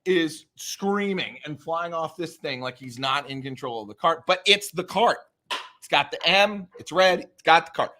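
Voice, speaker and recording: A man co-hosting a casual chat, ranting excitedly and swearing in mock fury. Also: a little high, moderate pace. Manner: animated, ranting, profane, mock-furious. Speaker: podcast co-host.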